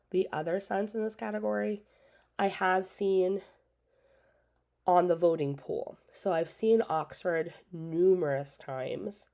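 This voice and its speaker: A woman's voice: lowish voice, warm tone. A woman hosting a casual catalog walkthrough, chatty and opinionated, talking around a cough drop in her mouth. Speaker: independent scent consultant and channel host.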